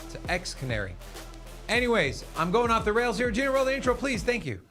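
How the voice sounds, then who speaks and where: A man co-hosting a casual livestream, teasing and joking with a deadpan edge. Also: extremely high pitch, fast, soft background music. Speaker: co-host.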